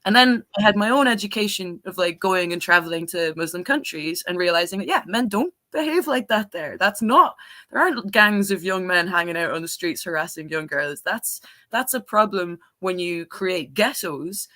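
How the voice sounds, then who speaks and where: A woman chats through a relaxed podcast conversation, her voice bright and forward. She keeps the talk loose, with many "like" and "you know" fillers. The room sounds close and dry. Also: fairly low pitch, normal speed, no echo. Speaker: guest.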